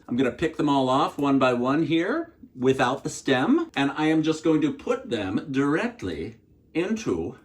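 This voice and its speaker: A middle-aged man from Pittsburgh with a Pittsburgh accent, hosting a playful, theatrical home cocktail tutorial at home. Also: fairly high pitch. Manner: playful, theatrical, swoops up on counts and exclamations. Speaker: home bartending host.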